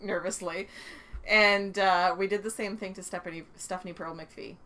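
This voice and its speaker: A Canadian woman co-hosts a podcast, chatting casually and telling stories full of laughter and acted-out quotes. Her mid-range voice is steady and sharp, moving at normal speed.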